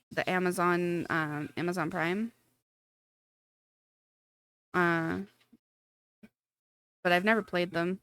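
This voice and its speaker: Her voice is on the low side and smooth, with no room sound audible. She's a Pacific Northwest woman with a matching accent, rambling casually with viewers and responding to chat while gaming at home in a room with a fan, often restarting and using fillers.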